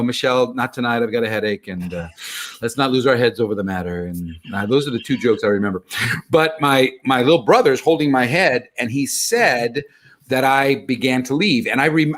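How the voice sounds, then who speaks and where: A man telling a personal story in casual conversation, animated and self-deprecating. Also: mid-range voice.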